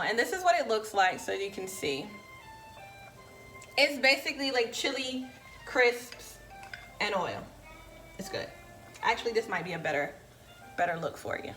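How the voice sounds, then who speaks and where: Bright-voiced woman chatting through a recipe. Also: on the high side, reverberant. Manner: chatty, playful, talks straight to viewers. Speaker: home cooking vlogger. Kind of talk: casual cooking demonstration. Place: home kitchen.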